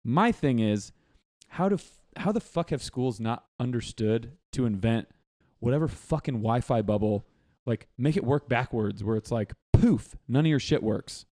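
A man's voice: medium pitch, expressive, normal speed, a little mellow. A young man in casual chat, blunt and jokey, swearing freely.

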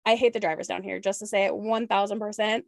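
A woman's voice: medium pitch, steady tone, fast, vocal fry, no room sound, clean studio sound. A woman from Washington State chatting casually as a fellow mom, playing up her quotes with dramatic voices. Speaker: mom, guest in chat. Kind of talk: casual chat.

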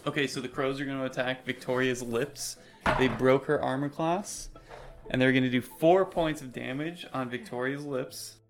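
A man's voice: medium pitch, steady tone, moderate pace, background noise. A man narrating a tabletop role-playing game as game master, in a casual storytelling manner.

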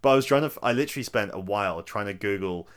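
A man's voice: fairly low pitch, racing, clear, resonant tone. A young man hosting a casual quiz chat, rambling with lots of fillers and giggles. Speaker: podcast quiz host.

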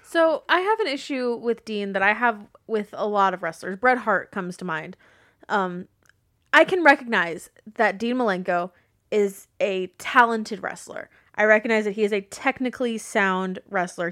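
A woman co-hosting a wrestling podcast, talking in a blunt, animated, casual way and swearing freely. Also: mid-range voice, moderate pace, dry recording, studio quality. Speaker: podcast co-host. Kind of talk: casual wrestling recap chat.

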